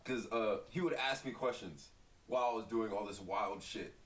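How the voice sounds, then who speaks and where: A young man, a podcast guest, chatting casually and profanely, often quietly. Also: lowish voice, moderate pace, far from the mic, rough recording. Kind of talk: casual chat.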